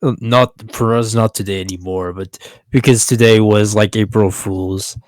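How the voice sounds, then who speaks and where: A man's voice: on the low side, steady tone, normal speed, no room sound. A man chatting casually with friends during a tabletop game, talking in a loose, chatty way and laughing between lines.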